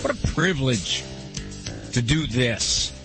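A man's voice: mid-range voice, lively intonation, slow, over music. A man hosting a call-in radio show in a playful, teasing manner.

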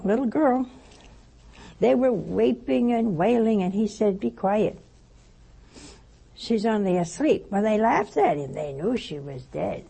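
A woman giving a spiritual talk, telling a story in a lively way and acting out the voices she quotes. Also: mid-range voice, gravelly, husky, low-quality recording. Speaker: religious teacher.

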